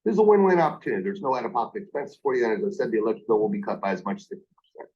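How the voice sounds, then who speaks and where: A man's voice: on the low side, sing-song, very fast, a little mellow, highs cut off. A man training call-center staff on phone sales, speaking emphatically and repeating his key points. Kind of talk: coaching a call-center team.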